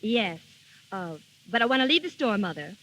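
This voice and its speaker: An actress playing a sweet, timid young shop girl in a 1930s radio drama, speaking softly and hesitantly. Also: mid-range voice, sing-song, moderate pace, rough recording. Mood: pleading. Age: young adult. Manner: soft, hesitant. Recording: old radio broadcast with clear music.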